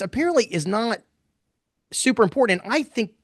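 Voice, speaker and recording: Middle-aged male pollster, slightly high voice, blunt and animated, restarts often. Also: normal speed, dry recording, studio quality. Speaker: pollster presenting poll results. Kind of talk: casual live webinar talk.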